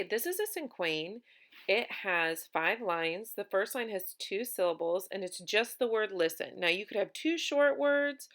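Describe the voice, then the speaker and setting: Young female teacher, slightly low voice, casual and chatty, lots of fillers. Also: a bit bright. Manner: casual, chatty, many ums and likes. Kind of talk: recorded remote lesson for students.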